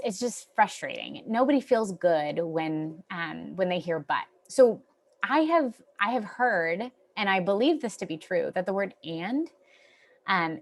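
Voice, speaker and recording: A young adult woman therapist giving an informal wellness talk, gentle and reassuring, with frequent ums and restarts. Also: on the low side. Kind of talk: informal lecture.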